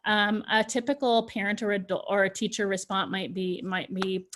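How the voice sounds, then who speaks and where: A woman's voice: medium pitch, steady tone, moderate pace, fairly bright tone, a little hiss or hum. A woman presenting a parenting workshop in a loose, chatty way, with lots of "you know" and restarts. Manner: chatty, full of fillers and restarts. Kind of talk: informal talk to parents.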